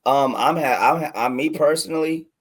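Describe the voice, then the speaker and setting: A man co-hosting a podcast, talking in easygoing, chatty banter with a few halting starts. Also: on the high side, slightly rough. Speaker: podcast co-host.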